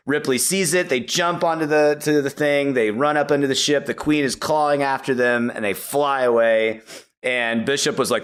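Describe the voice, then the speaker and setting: A man's voice: medium pitch, moderate pace, clean tone. A man with a middle-range voice recaps a film as a podcast guest. His telling is loose and chatty, filler words everywhere, building the story beat by beat. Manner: animated storytelling with many "like" and "you know" fillers. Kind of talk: casual movie recap.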